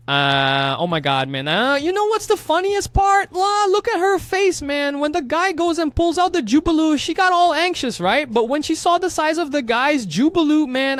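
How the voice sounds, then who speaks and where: A man casually recapping a comic story, excitable and slangy, teasing the viewers with asides. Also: very high voice, no echo. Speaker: manhwa recap narrator.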